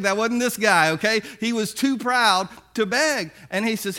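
A preacher telling a parable to his congregation in a relaxed, folksy way, chuckling as he goes. His voice rides high for a man, bright and forward. The delivery feels like a conversation. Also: moderate pace, few pauses. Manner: casual, folksy storytelling with chuckles. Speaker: pastor. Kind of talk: sermon.

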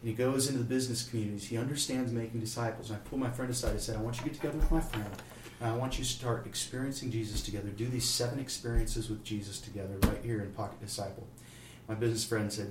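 Man from Kansas City, animated storyteller, mic at a distance in an echoey room. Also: fairly low pitch, fast talker. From Kansas City, USA. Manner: animated storyteller, acts out quoted voices. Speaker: guest telling a story. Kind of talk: casual storytelling interview. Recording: roomy, distant mic, faint room noise.

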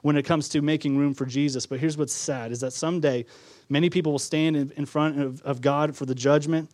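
Pastor guy preaching, chatty and animated, kinda high voice, dry room. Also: fairly quick, dry recording. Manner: conversational preaching, acts out quotes, chuckles. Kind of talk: sermon.

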